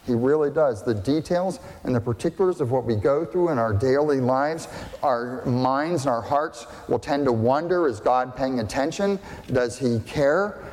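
A man's voice: medium pitch, moderate pace, a little mellow, in a large hall. A male pastor preaching a sermon in a conversational, emphatic way, asking rhetorical questions.

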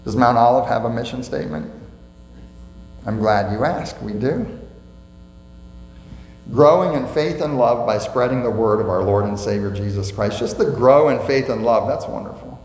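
A man's voice: medium pitch, normal speed, pauses often, darkish tone. A male pastor preaches in a reverberant church sanctuary, his voice carrying with a long, roomy echo. He is emphatic, tosses questions to the congregation and repeats his key lines. A faint mains hum sits under the recording. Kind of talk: sermon.

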